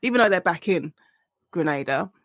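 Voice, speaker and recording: A woman with a South East London accent, hosting a podcast and telling stories in a relaxed, animated way. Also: fairly low pitch, moderate pace, dry recording. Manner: animated storytelling with laughter. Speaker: podcast host. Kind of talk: casual conversation.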